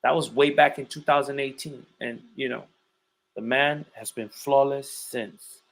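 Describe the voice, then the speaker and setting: A man with a bright, forward voice breaking down upcoming fights on a casual podcast. He talks emphatically and keeps repeating his points for weight. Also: medium pitch, fairly even intonation, a little slow, gravelly, low-quality recording. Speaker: podcast host and fight analyst.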